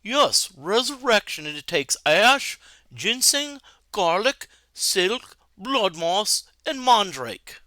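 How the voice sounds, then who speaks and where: A man's voice: high voice, big pitch swings, sharp tone, dry recording, clean studio sound, full character voice. A man doing a British-accented noble wizard. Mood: courtly. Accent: put-on British. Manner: slow, polite, lilting. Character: noble male wizard, courteous and proper.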